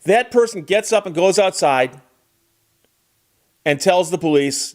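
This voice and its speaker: A man's voice: high-pitched, normal speed, long pauses. A man giving casual, wry legal commentary and talking straight to the viewer in a conversational way.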